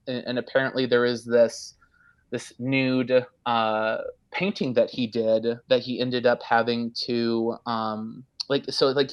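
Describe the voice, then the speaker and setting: A young man from Iowa, a writer guest on a podcast, telling stories in casual chat and laughing often. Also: medium pitch. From Iowa, USA. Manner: animated storyteller, laughs often.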